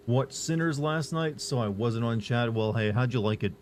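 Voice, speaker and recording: A man streaming live who answers chat in a casual, monotone, rambling way, full of fillers and restarts. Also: mid-range voice, a little fast, few pauses, slight background noise. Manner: monotone, flat delivery.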